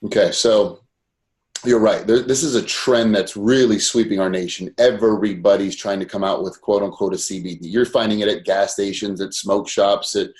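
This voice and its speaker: A man's voice: on the low side, fairly even intonation, normal speed, a little mellow. A man appearing as a podcast guest, explaining health topics in an earnest, persuasive way full of rhetorical questions. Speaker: wellness coach.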